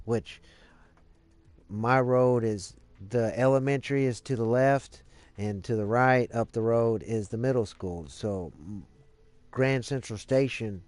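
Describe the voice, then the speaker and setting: On a live stream, a man tells a story in a rambling, casual way, swearing freely and leaning heavily on filler words. His voice is on the low side with a darkish tone.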